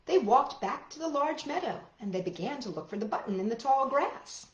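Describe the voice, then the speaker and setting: A woman reading stories aloud to children, bright and sing-song, with her pitch swinging widely. Her voice sits a little high. The recording sounds roomy and a bit dull. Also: animated, brisk. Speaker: children's story reader.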